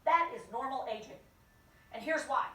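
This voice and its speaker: A woman leading a lively dementia care training for a live audience, acting out inner voices and joking with the crowd. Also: high voice, normal speed, distant mic. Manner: animated, acts out inner voices and jokes with the audience. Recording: echoey room, voice from off the mic.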